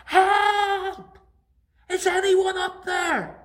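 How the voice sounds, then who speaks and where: A man voicing a frightened man who is hanging from a cliff branch and shouting desperately for help, as part of a joke in a sermon. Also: extremely high pitch, steady tone, drawn-out words, pitched above the performer's own voice, exaggerated voice. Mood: panicked shouting.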